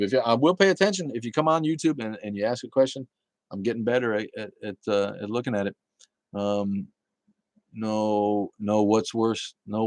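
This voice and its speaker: A man's voice: lowish voice, darkish tone, dry recording. A man hosting a casual livestream, chatting bluntly with viewers, swearing and laughing often. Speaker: livestream host reading chat.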